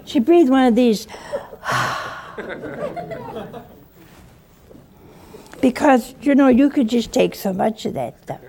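An older woman giving a lively sermon, acting out voices from the story and chuckling often. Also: on the high side, moderate pace, creaky, few pauses, a faint crowd, slight background noise. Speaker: preacher.

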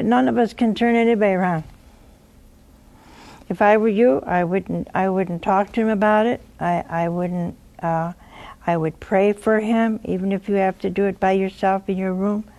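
An older woman giving gentle pastoral advice, often pausing to ask "see?". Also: medium pitch. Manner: gentle, unhurried, peppered with "see?". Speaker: religious advisor answering a viewer.

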